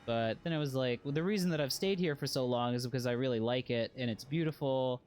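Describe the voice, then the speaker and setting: A man's voice: medium pitch, fast, darkish tone, a little hiss or hum. A man streaming a game, telling a rambling story with chuckling asides and frequent self-interruptions. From Western. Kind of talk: casual gameplay commentary with anecdotes.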